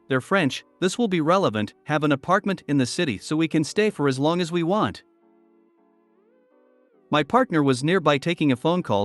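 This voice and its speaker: A man reading online stories aloud as a narrator in a steady voice. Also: on the high side, no room sound. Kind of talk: scripted story narration. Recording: dry with faint music behind.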